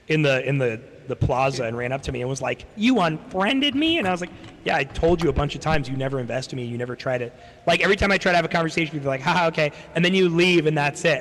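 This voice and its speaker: A man's voice: medium pitch, a bit bright. Rambling swearing man streamer, echoey. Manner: rambling, swears a lot, acts out quoted people. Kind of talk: casual storytelling chat. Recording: long hall reverb.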